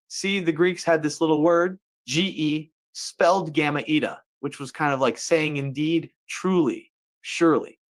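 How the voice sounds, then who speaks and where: A man's voice: a little high, steady tone, a little slow. Jokey man hosting a rant show. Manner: jokey, playful asides and put-on folksy voices. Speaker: host. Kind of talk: comedic monologue.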